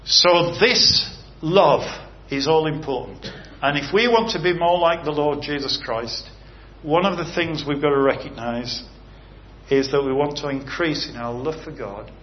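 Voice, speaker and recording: A man's voice: medium pitch, moderate pace. A man preaching an earnest sermon that moves into a closing prayer, stressing his points with rhetorical questions. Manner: earnest, rising and falling emphasis with rhetorical questions. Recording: slightly dull recording with faint background hiss.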